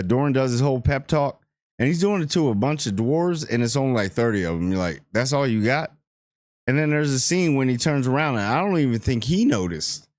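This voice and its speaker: A man giving a casual, rambling spoiler review of a TV episode, joking and acting out characters in quick asides. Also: on the low side, darkish tone, no echo, clean studio sound. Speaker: show reviewer.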